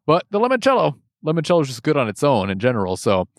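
A man's voice: on the high side, huge pitch swings, fast talker, no room sound, clean studio sound. A man co-hosting a casual chat, rambling and teasing with lots of fillers. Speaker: podcast co-host.

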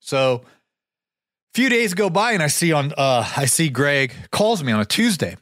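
A man's voice: fairly high pitch, very animated, measured pace, a bit bright, dry recording, clean studio sound. A man hosting a podcast, telling a rambling story while getting over a sore throat with a cough drop in his mouth. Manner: rambling, many restarts and fillers. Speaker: podcast host. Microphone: podcast mic.

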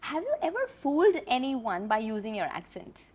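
A woman hosting a podcast, asking rapid-fire questions with enthusiastic reactions. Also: high-pitched, huge pitch swings, a little mellow, husky. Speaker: podcast host.

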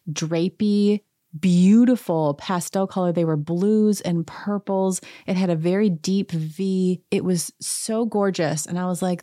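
A woman with a lowish, mellow voice chats casually through a recap, full of sarcastic asides. Her sound is close and dry, with no room around it. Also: dry recording. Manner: sarcastic, chatty, quick to mock. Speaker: podcast host recapping a reality show. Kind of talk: casual chat.

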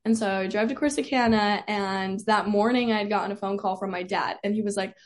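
A young woman tells a personal story as an interview guest. She chats casually, her voice sitting at an ordinary middle pitch, and she fills her sentences with "like" and frequent laughs. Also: steady tone, fairly quick, few pauses. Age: young adult. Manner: chatty, peppered with "like", laughs often. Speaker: guest, college cheerleader.

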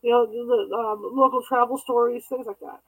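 A woman's voice: fairly high pitch, fairly even intonation, fairly quick, no room sound, low-quality recording. A woman hosting a casual interview, chiming in conversationally. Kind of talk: casual chat.

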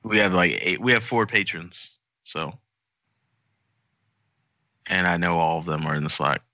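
A man hosting a podcast in loose, joking banter, often laughing at his own asides. His voice is bright and edgy, sitting a little low. The audio is dry and somewhat dull, like a lo-fi podcast recording. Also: measured pace, no room sound. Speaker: podcast host.

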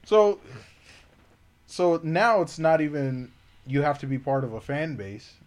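A man co-hosting a podcast in relaxed, joking casual chat. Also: a little high, measured pace, dull audio. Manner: laid-back, joking, backs up the other host. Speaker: podcast co-host.

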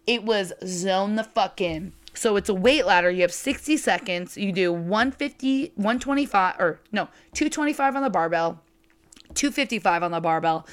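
A young woman, a strength coach, telling stories on her podcast in a casual, energetic way, swearing freely and filling her talk with likes and ums. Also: mid-range voice. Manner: energetic and profane, lots of fillers. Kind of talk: casual solo podcast storytelling.

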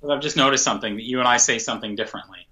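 A man's voice: medium pitch, very fast, sharp tone. A man co-hosting a sports podcast, talking casually with dry, teasing humor. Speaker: podcast co-host.

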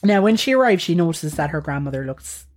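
Chatty, giggly podcast host, low-pitched woman, casual storyteller. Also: expressive, brisk, darkish tone. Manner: chatty, giggly, self-interrupting. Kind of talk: casual chat retelling a fairy tale.

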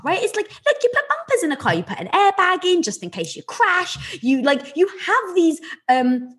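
A woman, a podcast guest, telling candid personal stories in an animated, swearing, often laughing way. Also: sits high. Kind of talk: candid conversational storytelling.

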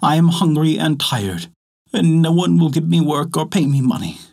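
A man voicing a poor young maiden in a told folktale, soft and sorrowful. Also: fairly high pitch, moderate pace, vocal fry, voice pushed up. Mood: plaintive.

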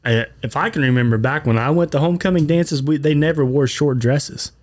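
A man's voice: a little high, brisk, darkish tone. A young man hosting a casual podcast, asking questions and cracking jokes. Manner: joking questioner, moves topics along. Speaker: podcast host. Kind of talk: casual chat.

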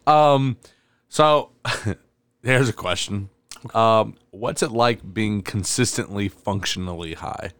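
A man's voice: lowish voice, slow, fairly bright tone, clear, resonant tone, no room sound. A man hosting a casual podcast, asking short, teasing questions. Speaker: podcast host. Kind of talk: casual interview.

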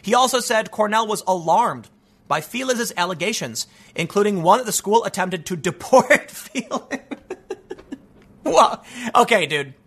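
A man's voice: high-pitched, expressive, moderate pace, a bit bright, husky. A man hosting an opinionated news commentary show, reading stories aloud and mocking them with sarcastic, rambling asides.

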